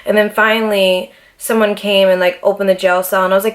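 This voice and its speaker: A woman's voice: mid-range voice, little pitch movement, a little fast. A young adult woman vlogger telling a personal story in a casual, blunt, profane way, full of fillers.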